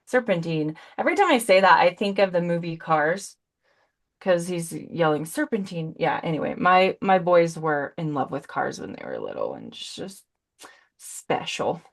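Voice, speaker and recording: Chatty 40s woman doing a paint demo on a video call, kinda low voice, rambly w/ puns. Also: sing-song, normal speed, gravelly. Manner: chatty and warm, rambling with punny asides. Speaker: brand ambassador demonstrating paints. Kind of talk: live painting demo with casual chat.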